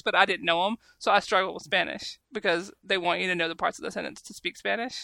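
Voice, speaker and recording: A woman's voice: mid-range voice, quick pace, creaky, few pauses, sharp tone, dry recording. A woman with a Southern US accent, co-hosting a casual podcast chat, chatty and self-deprecating. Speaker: podcast co-host.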